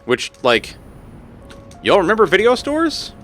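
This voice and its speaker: A man's voice: sits high, unhurried, soft background music. A man in his thirties streaming a game live, joking and swearing freely as he chats with his viewers. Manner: animated, joking, swears freely, talks to chat. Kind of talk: casual live-stream chat while gaming.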